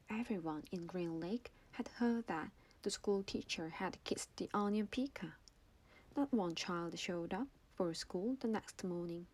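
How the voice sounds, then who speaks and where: Soft-whispering woman reading aloud for ASMR. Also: mid-range voice. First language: Korean. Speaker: reader.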